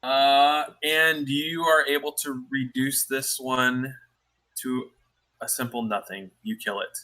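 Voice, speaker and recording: A man's voice: mid-range voice, steady tone, slow pace, sharp tone. A man narrating as dungeon master in a tabletop game, in a loose style full of fillers.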